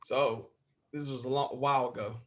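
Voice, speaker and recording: A man's voice: mid-range voice, steady tone, moderate pace. A man guesting on a podcast, chatting casually in a loose, rambling way and cussing freely. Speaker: guest, interview podcast host. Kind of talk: casual storytelling chat.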